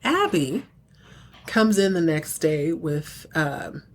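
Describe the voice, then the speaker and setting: A woman's voice: sing-song, slow pace. A young adult woman hosting a casual solo podcast, chattily recapping a TV soap episode with playful asides. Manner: chatty, playful, acts out characters' lines in higher voices.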